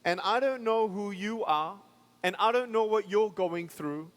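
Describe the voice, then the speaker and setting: A man with a light Australian accent speaks in a high voice to a packed arena, lively and playful as he draws the crowd in. He is picked up on a stage microphone. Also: unhurried. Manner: energetic, playful, addresses the audience directly. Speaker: motivational speaker. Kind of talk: live motivational speech to a crowd. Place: large indoor arena.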